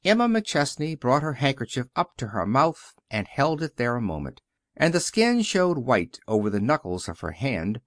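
In a studio-quality, dry recording, a man reads a novel aloud as an audiobook narrator, his mid-range voice moving at normal speed in an expressive, flowing storytelling style.

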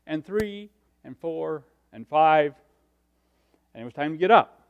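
A middle-aged man preaching a sermon, telling personal stories and swinging from hushed asides to loud, animated stretches. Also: fairly high pitch, normal speed, smooth, highs cut off.

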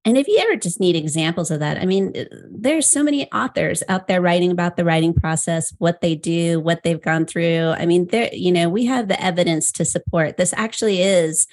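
A woman's voice: on the low side, brisk, few pauses, darkish tone. A woman in a conversation about writing, thoughtful, often saying "you know" and "right". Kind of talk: conversational interview.

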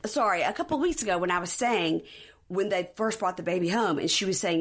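Woman co-host with a low voice, relaxed and joking banter. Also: fairly quick. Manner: laid-back, agreeable, joking. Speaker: podcast co-host. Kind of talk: casual chat.

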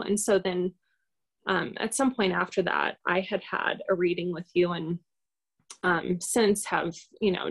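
A woman's voice: medium pitch, creaky. A woman guest telling a personal story in a casual, rambling, hesitant way, full of fillers.

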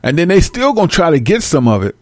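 A man giving casual, profane life advice to his viewers, acting out both sides of phone calls in slangy, animated bits. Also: fairly high pitch, quick pace, no room sound, clean studio sound. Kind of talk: casual direct-to-camera rant.

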